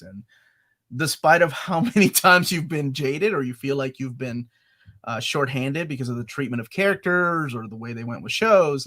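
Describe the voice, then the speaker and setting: A man in his forties hosting a casual podcast chat, excitable and acting out his own reactions as he talks. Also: on the high side. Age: 40s. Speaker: podcast host.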